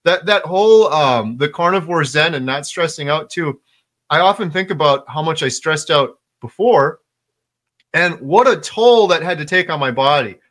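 A man's voice: fairly high pitch, expressive, moderate pace, a bit bright. A man hosting a casual interview chat, talking with emphatic enthusiasm and repeating words for stress.

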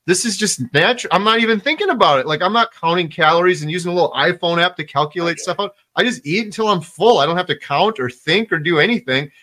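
A man's voice: sits high, fast talker, hardly any pauses, pushed and bright. A man hosting a casual interview chat, talking with emphatic enthusiasm and repeating words for stress.

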